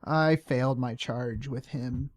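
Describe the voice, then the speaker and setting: A man hosting a podcast, recapping a tabletop game in a relaxed, halting way. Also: mid-range voice. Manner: relaxed, halting, many fillers. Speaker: podcast host and player.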